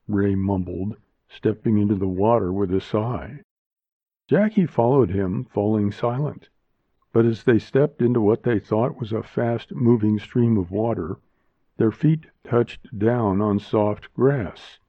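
A man reads a story aloud in a slow, measured voice that sits low. The sound is thin and tinny like a phone line, and dry with no room around it. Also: no room sound. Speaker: narrator. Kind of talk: audiobook reading.

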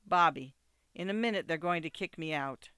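A man's voice: on the high side, moderate pace, pushed and bright, smooth, dry recording, clean studio sound. A man voicing a young woman, an urgent and protective friend, talking in a pleading, insistent way.

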